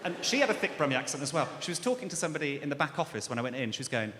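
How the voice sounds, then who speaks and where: A male stand-up comic tells a story in a lively voice that leaps up and down, fairly high for a man. His mocking delivery echoes through a hall over the noise of a live show. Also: very fast. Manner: animated, mocking, acts out the characters. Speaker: stand-up comedian.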